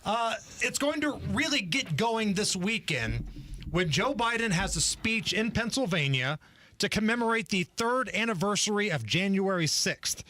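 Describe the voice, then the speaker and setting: A man's voice: high voice, lively intonation, moderate pace, bright, forceful tone. A man co-hosting a political talk radio show, delivering sarcastic, emphatic rants to his co-host from a studio microphone.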